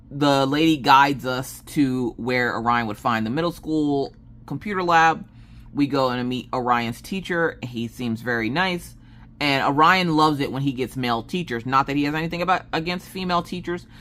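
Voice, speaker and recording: A woman's voice: very deep voice, a bit bright. A woman craft vlogger in a casual chat, telling a rambling story with many fillers and restarts.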